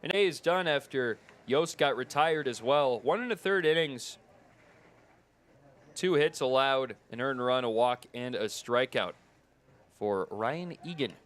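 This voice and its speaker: A Midwestern-accented man calls baseball play by play as a broadcaster, his mid-range voice animated, a little slow, and a bit bright. His delivery rises sharply whenever a big play happens.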